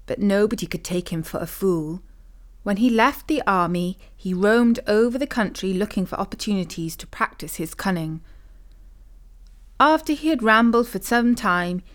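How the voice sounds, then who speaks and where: A woman storyteller reading a traditional tale in clear, measured scripted narration. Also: medium pitch, a bit bright.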